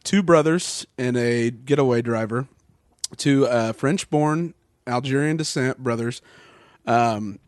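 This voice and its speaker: A man's voice: medium pitch, slow, dry recording, studio quality. A man co-hosting a podcast, laying out facts at length in casual talk with fillers. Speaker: podcast co-host. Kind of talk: casual political chat.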